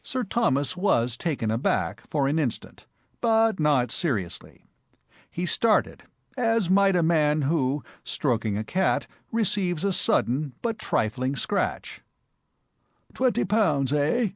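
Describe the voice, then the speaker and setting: Expressive male audiobook narrator. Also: on the high side, slow pace, no echo, clean studio sound. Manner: expressive, wry storytelling. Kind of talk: scripted narration of comic fiction.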